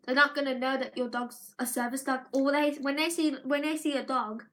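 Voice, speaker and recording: A woman talks loosely to her viewers in a live vlog. Her voice sits high and sounds bright and forward. She rambles, circles back, and restarts her sentences often. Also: steady tone, a little fast. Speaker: live vlogger. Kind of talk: casual live-stream monologue.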